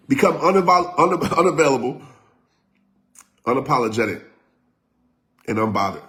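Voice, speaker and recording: A man speaks to a live online audience in an emphatic motivational style. He hammers his points through repetition and at times rises to a shout. His voice sits at an ordinary male pitch. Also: normal speed, long pauses. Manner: talks directly to live viewers. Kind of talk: live-streamed motivational talk.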